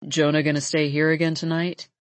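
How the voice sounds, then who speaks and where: A woman reading an audiobook and voicing a frail, tired, dying older father with a croaky voice. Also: low voice, flat delivery, fairly quick, no room sound, pitched below the performer's own voice, natural voice. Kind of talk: audiobook character voice.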